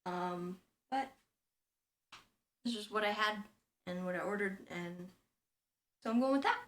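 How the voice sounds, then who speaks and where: Working from home on stream, this twenty-something woman from the US talks through her process casually, filling pauses often. She speaks at a measured pace in a mid-range, slightly bright voice.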